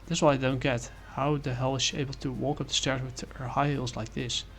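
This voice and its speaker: A man talks casually through a comic review in a gravelly, mid-pitched voice. He rambles, with many fillers and apologies, while faint music plays underneath. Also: flat delivery, brisk.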